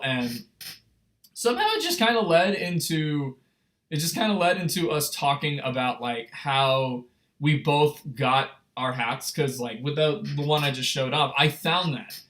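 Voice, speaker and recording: A young man telling a story on a casual livestream, rambling and excitable, full of fillers and restarts. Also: a little high, measured pace. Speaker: streamer.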